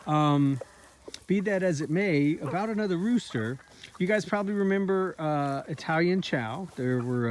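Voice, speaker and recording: A man chatting casually about his farm while walking the pasture and talking fondly to his chickens. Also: medium pitch. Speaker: farmer and video host. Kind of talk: casual walk-and-talk vlog. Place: outdoors in a pasture. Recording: outdoor farm recording with noisy background. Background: chickens clucking and roosters crowing.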